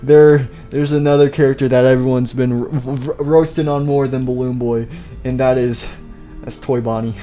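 Young male gaming host, mellow tone, rambling and jokey, mock-serious eulogies, light music behind. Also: mid-range voice, steady tone, moderate pace. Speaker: gaming YouTuber. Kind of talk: gameplay commentary.

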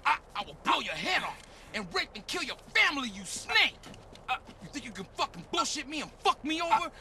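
A man's voice: extremely high pitch, sing-song, a little fast, sharp tone, a little hiss or hum, exaggerated voice. An actor playing a menacing, profane male gangster who interrogates and mocks in a game cutscene. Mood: threatening. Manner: threatening, profane, then mocking. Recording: game cutscene audio with faint sound effects.

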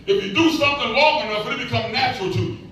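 A man's voice: very high voice, quick pace, a bit bright. A man in his sixties preaching a sermon as pastor, folksy and calling out to the congregation. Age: 60s. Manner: folksy, call-and-response preaching. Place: church. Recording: echoey church from far off with music.

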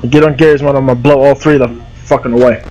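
A man's voice: mid-range voice, steady tone, racing, a little mellow, lo-fi sound. A young man streaming a horror game over a headset mic, swearing and laughing nervously as he panics. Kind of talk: live gameplay commentary.

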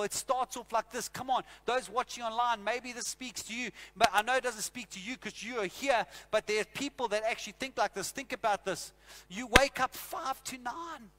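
Brief: South African male preacher, animated storyteller, higher pitched. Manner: animated storytelling, acts out scenes. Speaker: pastor. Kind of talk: sermon. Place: church.

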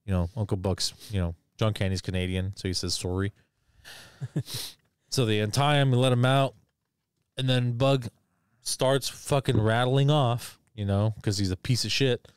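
A man recaps a film in a loose, cursing ramble and acts out bits of scenes as he goes. His voice is smooth and clear, and the sound is dry and close. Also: mid-range voice, moderate pace, long pauses, no echo. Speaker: podcast co-host. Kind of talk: casual movie recap.

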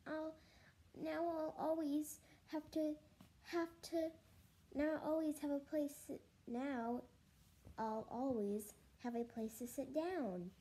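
A woman voicing a panicky, whiny schoolboy who pleads in a high, strained voice. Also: fairly even intonation, slow, mellow, rough recording. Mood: pleading.

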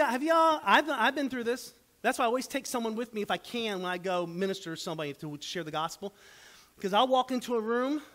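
A man's voice: high-pitched, a bit bright. A man, preaching a sermon as pastor, in a folksy, conversational way with asides to the congregation. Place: church sanctuary.

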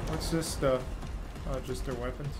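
A man's voice: medium pitch, fairly even intonation, moderate pace, loud music behind the voice. A man giving gameplay commentary while playing, frustrated, swearing and muttering at the game. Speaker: gaming channel host.

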